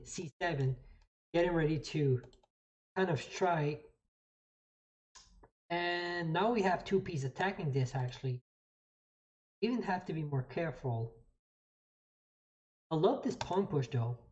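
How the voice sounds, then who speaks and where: A woman's voice: deep voice, measured pace, pauses often, a little mellow, lo-fi sound. A woman streaming a chess game, explaining each move as she plays, often restarting and thinking aloud. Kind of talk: live commentary while playing.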